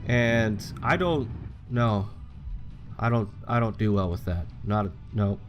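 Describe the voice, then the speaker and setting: A young gaming channel host rambles casually while he plays, chatting freely and swearing now and then. His voice is lowish and slow, the audio is dull, and music plays underneath.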